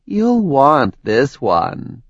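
A cruel, mocking goddess who taunts her captive and barks orders in a demonic tone, as a male audiobook narrator puts her on. Her lines come slow and drawn out over a dull, dry recording. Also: a little high, lively intonation, no echo, voice pushed up. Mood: taunting. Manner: mocking, menacing, shouts orders.

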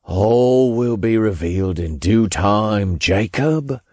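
A man's voice: on the low side, sing-song, normal speed, a little mellow, breathy edge, no room sound, studio quality, heavily acted. A man voicing a smug male paranormal celebrity who drawls and sneers.

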